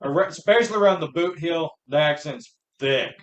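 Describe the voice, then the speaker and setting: Joking, crude man with a high voice. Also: moderate pace, muffled recording, crowd noise. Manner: joking, crude, laughs at himself. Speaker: podcast co-host. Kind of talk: casual drunk podcast banter.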